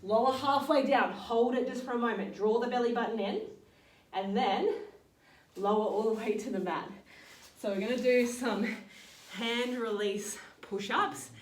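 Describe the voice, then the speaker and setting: Woman, fitness instructor, calm step-by-step cues, roomy echo, distant mic. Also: fairly high pitch, a little slow. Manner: calm step-by-step cueing with breath counts. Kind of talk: guided workout instruction.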